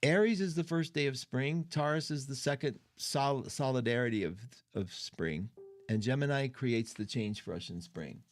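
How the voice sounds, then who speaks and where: A man's voice: mid-range voice, normal speed. A middle-aged man hosting an astrology show, talking casually, chatty and emotional, with strong opinions. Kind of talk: casual livestream talk.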